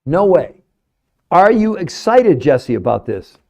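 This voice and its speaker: A middle-aged man hosts a live stream as a nutrition researcher, pitching to chat viewers with emphatic, salesy energy and repeating points for effect. His voice is fairly high, gravelly and darkish in tone, very animated yet slow in delivery.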